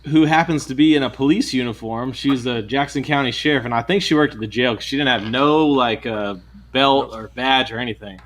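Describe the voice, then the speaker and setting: A man's voice: mid-range voice, brisk. Man telling a rowdy story. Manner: animated, swears a lot, acts out voices when retelling. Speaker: podcast co-host. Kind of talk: casual storytelling chat.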